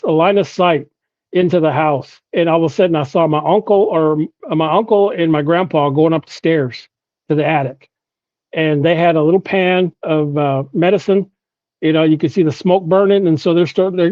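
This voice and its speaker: A man's voice: on the high side, darkish tone, dry recording, highs cut off. A man from Oklahoma, a podcast guest, telling a personal story with frequent "you know" and restarts.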